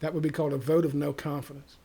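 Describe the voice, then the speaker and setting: A man delivering a profane, exasperated, sarcastic rant as a vlogger, with a gravelly voice. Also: fairly high pitch, little pitch movement, fast talker, mellow. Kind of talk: ranting monologue to camera.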